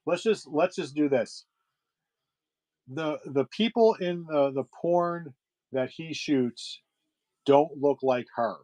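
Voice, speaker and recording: A man's voice: a little high, takes it slowly, long pauses, dark tone, rough recording. A middle-aged man hosting a livestream sale, chatting casually with viewers, rambling with lots of fillers and restarts. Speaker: livestream seller host.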